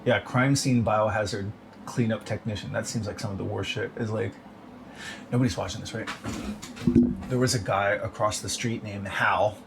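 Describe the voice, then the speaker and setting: A man's voice: lowish voice, fairly even intonation, normal speed, creaky. A man talking in a rambling, casual monologue, swearing often and filling his speech with "like". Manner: profane, rambling, filler-heavy with frequent 'like'. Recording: noticeable background noise.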